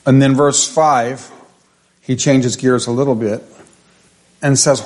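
A man teaching a Bible study at a middle pitch, his talk loose and conversational with fillers and restarts. When he reads scripture he slows right down and leans on each phrase with deliberate emphasis. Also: steady tone, a little mellow.

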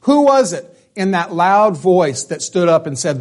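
A man preaching a sermon, emphatic, sometimes dropping to a hush, and often restarting his words. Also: high-pitched, very animated, unhurried. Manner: emphatic, drops to a hush for dramatic lines.

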